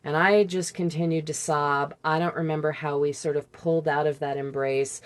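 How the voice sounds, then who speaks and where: Low-voiced woman recalling her past. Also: steady tone. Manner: candid, halting recollection with imitated sounds. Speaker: podcast guest. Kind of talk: personal storytelling in conversation.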